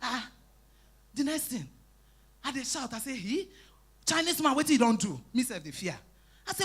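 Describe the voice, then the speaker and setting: Woman, Nigerian Pidgin accent, stand-up comedian, bright tone, animated storytelling, loud acted quotes, live stage. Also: high-pitched, moderate pace, pauses often, slightly rough. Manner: animated storytelling, bursts into shouting and acted quotes, teases the crowd.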